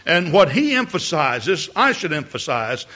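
A man's voice: on the high side, very animated, a little slow, sharp tone, lo-fi sound. A male preacher giving a sermon from the pulpit, often repeating words as he builds a point and rising to emphatic peaks. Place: church pulpit.

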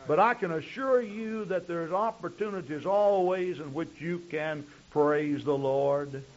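A man's voice: on the high side, unhurried. A male pastor preaching a sermon, telling stories in long chains of "and" with frequent restarts. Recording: dull lo-fi recording.

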